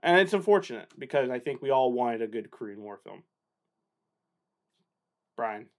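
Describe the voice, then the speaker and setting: A man's voice: medium pitch, big pitch swings, moderate pace. A man from the northeastern United States, co-hosting a film podcast in joking casual chat, laughing often. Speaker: podcast co-host.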